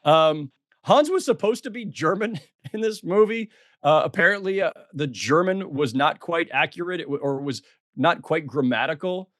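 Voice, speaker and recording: A middle-aged man talks on a podcast, chatty and self-deprecating, with plenty of ums and restarts. His voice sits a little high for a man. It is recorded close and dry, with no room sound. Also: animated, normal speed, fairly bright tone, no echo. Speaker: podcast co-host. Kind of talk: casual podcast chat.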